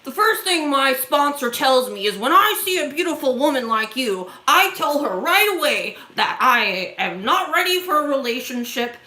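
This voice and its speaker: A woman quoting a sleazy, halting, toothless man in his sixties, in an echoey room. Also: sits high, big pitch swings, sharp tone, voice pushed up, heavily acted. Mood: leering.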